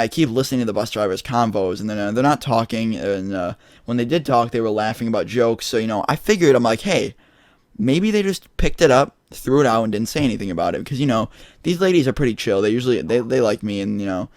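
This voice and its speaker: Casting note: teenage boy vlogger, mid-pitched, close dry mic, rambling and excitable, heavy on fillers and swearing. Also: no echo. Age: teens. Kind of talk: casual storytelling vlog.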